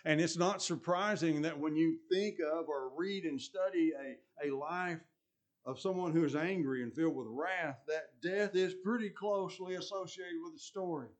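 A male preacher delivers a sermon in a somewhat high voice. He leans hard on key words and then drops low and soft. He often circles back over his own phrases. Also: normal speed. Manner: emphatic, swings between loud stress and quiet asides, repeats phrases.

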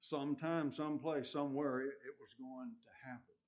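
A man preaching a sermon, stressing points loudly, then dropping to quiet asides, and often repeating his phrases. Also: medium pitch, fairly even intonation, moderate pace.

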